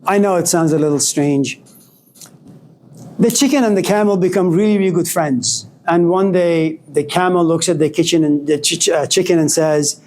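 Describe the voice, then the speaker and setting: A man's voice: fairly high pitch, normal speed, a little hiss or hum. A man giving a philosophy lecture to a class, telling stories and acting out the voices in them. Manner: animated storytelling, acts out quoted voices.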